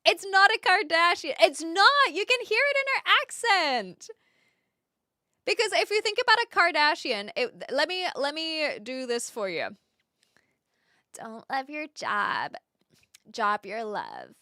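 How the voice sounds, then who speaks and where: A woman's voice: sits high, pushed and bright, no echo, studio quality. A young woman streaming live, chatting casually with her viewers in a scattered way, full of fillers and restarts. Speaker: livestream host. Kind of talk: casual livestream chat with viewers.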